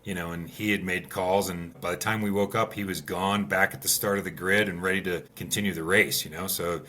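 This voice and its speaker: A man who races rallies, a podcast guest, telling stories in casual conversation with animated energy. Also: deep voice, fairly quick. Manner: animated storyteller. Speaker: podcast guest, rally racer.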